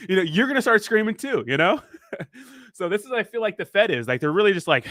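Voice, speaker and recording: A man's voice: sits high, animated, quick pace, fairly bright tone, dry recording, studio quality. A man hosting a casual crypto livestream, rambling and joking as he reads viewer comments aloud.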